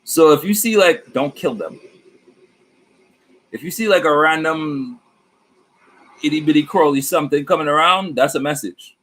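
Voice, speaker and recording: With a voice on the high side, a man vlogging as a tarot reader talks about spirit guides at a moderate pace, often pausing. He rambles in an animated, slangy, profane way, and the audio is poor.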